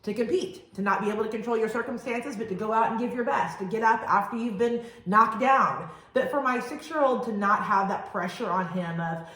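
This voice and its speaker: A woman in her thirties co-hosting a family podcast, telling stories in a chatty, animated way. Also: on the high side, brisk, hardly any pauses, roomy sound, poor audio. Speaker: podcast co-host. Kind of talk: casual chat.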